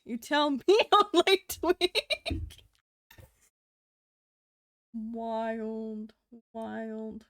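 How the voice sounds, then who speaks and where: A woman's voice: high voice, expressive, extremely slow, pauses often, fairly bright tone, no echo, clean studio sound. A woman streamer in casual live-stream chat, swearing freely, laughing often and talking to her chat.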